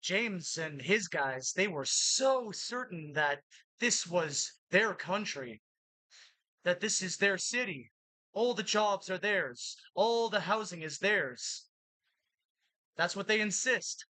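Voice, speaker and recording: A woman ranting in a monologue to camera, agitated, with halting restarts that give way to shouted insults. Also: fairly low pitch, expressive, no room sound, rough recording. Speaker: vlogger.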